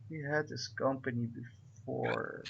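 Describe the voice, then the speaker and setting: A man's voice: medium pitch, fairly even intonation, takes it slowly, creaky, husky, dull audio. A man running a tabletop game as game master, rambling with filler words and frequent laughter.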